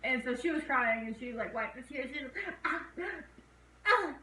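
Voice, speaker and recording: A woman's voice: a little high, steady tone, fast, pushed and bright, slight background noise. A young woman co-hosting a casual horror movie review, retelling scenes and acting out the characters' lines in raised voices. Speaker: co-host reviewing a horror film. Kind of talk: casual chat recapping a movie. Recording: echoey room, voice a bit far from mic.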